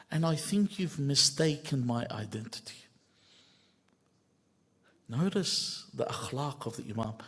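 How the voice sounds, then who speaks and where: A middle-aged man giving a sermon, swinging between loud emphatic rises and quiet asides and quoting Arabic lines before translating them. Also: medium pitch, breathy edge. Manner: quotes Arabic phrases then translates them. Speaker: sheikh giving a mosque lecture.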